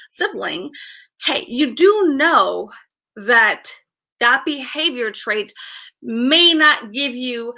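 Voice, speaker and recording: A woman in her thirties talks casually to her livestream viewers in a bright, forward voice pitched a little high. She sighs often and circles back over her own words. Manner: chatty, sighing often, repeats herself. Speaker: vlogger.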